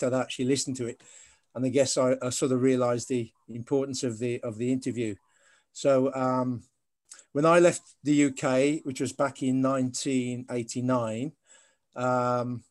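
A man from Birmingham speaking as a guest on a video call, telling his family story in a measured, halting way with frequent ums. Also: medium pitch, no echo, clean studio sound. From Birmingham, England. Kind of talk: telling family history in conversation.

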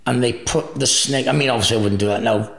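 Gravelly bloke rambling thru crazy travel stories, swears a lot, keeps laughing, echoey room. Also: male voice, medium pitch, fast, fairly bright tone. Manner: laughs often, swears freely, rambling anecdotes. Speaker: podcast guest. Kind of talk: casual storytelling interview. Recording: roomy echo.

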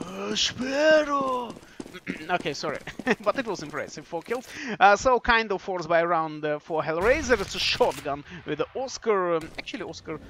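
A man giving live play-by-play commentary on a competitive shooter match. He is excitable and joking, repeats his phrases, and breaks into shouts at big plays. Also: sits high, moderate pace, a little hiss or hum. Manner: repeats phrases, fillers, non-native English phrasing. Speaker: esports commentator.

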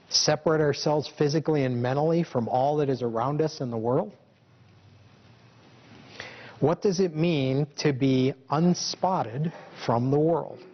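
A man's voice: medium pitch, highs cut off. A male preacher giving a conversational sermon to his congregation, full of rhetorical questions. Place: church hall.

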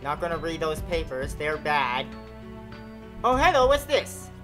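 A man hosting a horror game let's play, reading dialogue and reacting in an animated way with casual swearing. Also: fairly high pitch, unhurried, rough recording. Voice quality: animated, swears when startled. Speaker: gaming channel host. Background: faint game music.

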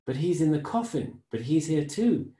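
A man's voice: on the high side, big pitch swings, moderate pace, warm tone, reverberant, voice pushed up. A man reading aloud the questions of a young man dazed by a vision, speaking in a bewildered, questioning way.

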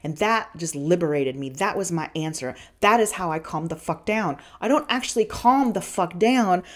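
A woman's voice: lowish voice, expressive, moderate pace. Frank, swearing woman telling her story. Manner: frank and profane, with many restarts and fillers. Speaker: podcast host. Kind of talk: candid personal storytelling.

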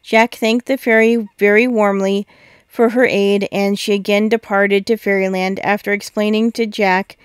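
A woman narrating a fairy tale in a steady, expressive storybook reading. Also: medium pitch, moderate pace, clean tone, no echo, clean studio sound. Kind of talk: storybook read-aloud.

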